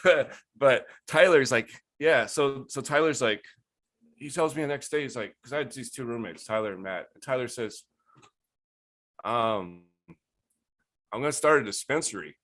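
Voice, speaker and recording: Male podcast guest, mid-pitched voice, profane and lively casual storyteller who laughs easily. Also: moderate pace. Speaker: guest grower.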